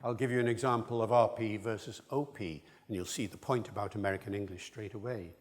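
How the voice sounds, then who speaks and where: A man's voice: fairly low pitch, fairly even intonation, fast talker. Older man lecturing in a reverberant hall. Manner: discursive and enthusiastic, with asides. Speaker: linguist lecturer. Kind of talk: public lecture.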